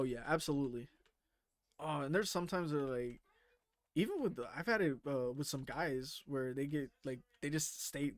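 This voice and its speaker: A man's voice: mid-range voice, dry recording. A man streaming a game and chatting casually, rambling with lots of fillers and casual swearing. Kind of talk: casual chat while playing a game.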